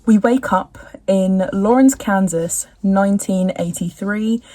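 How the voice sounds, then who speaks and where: A woman's voice: medium pitch, takes it slowly, dark tone, dry recording. A young woman in casual chat recapping a TV episode at home, rambling with slangy, jokey asides. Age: young adult.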